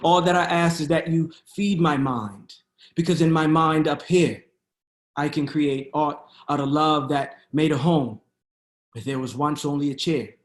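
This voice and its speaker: A man's voice: a little high, measured pace, reverberant. A man reading his own poetry aloud over a video call, in a rhythmic spoken-word delivery. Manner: rhythmic spoken-word delivery with hesitant fillers between pieces. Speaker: poet.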